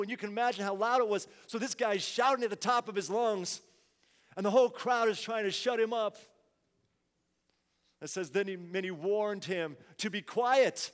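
A man preaches from the pulpit, his voice sitting high for a man. He drops to near-murmurs and then swells into loud, pleading cries. The sound rings out with a long reverb, as in a large church hall. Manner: preaching with swings from hushed to shouted. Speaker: pastor. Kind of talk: sermon.

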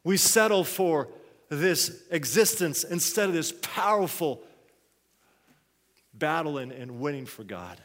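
A man preaching a sermon, telling a story with energy and moving from quiet asides to loud exhortation. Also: fairly high pitch, expressive, takes it slowly, pauses often. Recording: long hall reverb.

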